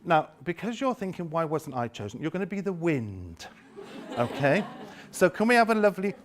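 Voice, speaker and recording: A man leading a lively workshop demonstration, theatrical and teasing as he directs volunteers. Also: fairly high pitch, moderate pace, background noise. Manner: theatrical, playful, teasing volunteers with exaggerated delight. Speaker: education trainer leading a seminar.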